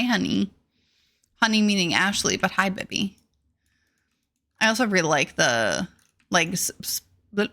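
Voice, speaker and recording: A bubbly young woman streamer chats casually, greeting viewers and gushing over what she sees. Her voice is bright and forward. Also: medium pitch. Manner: bubbly, gushing, reads chat aloud. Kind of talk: casual live-stream chat.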